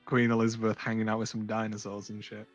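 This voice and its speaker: A young man with a British accent, speaking a little low, chats as a podcast guest. He sounds laid-back and mumbles his words, often letting sentences trail off. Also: completely flat delivery, fast talker, muffled recording, faint music behind. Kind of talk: casual chat.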